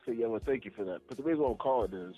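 A man calling in to a radio show, speaking earnestly and in a measured way. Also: medium pitch, lively intonation, warm tone, husky, faint music behind, poor audio. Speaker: caller. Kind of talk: phone call to a radio show.

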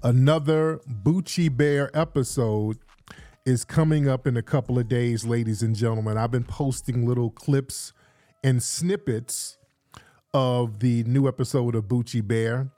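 Indoors on a rainy day, a male livestream host with a medium-pitched, dark voice speaks unhurriedly and with fairly even intonation, and there's no room sound. He hypes up his audience through repeated call-outs and loose, chatty talk.

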